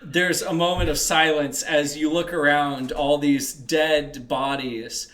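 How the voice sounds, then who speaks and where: A man's voice: on the high side, steady tone, slow pace, fairly bright tone. A young man narrating a tabletop role-playing game as game master, with a joking, offhand manner. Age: young adult.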